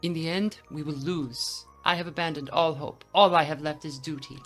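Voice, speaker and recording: A woman's voice: low-pitched, fairly even intonation, normal speed, faint music behind. A woman voicing a weary, duty-bound male janitor in a video game, speaking in a solemn, declaiming way with a put-on Quebecois French accent.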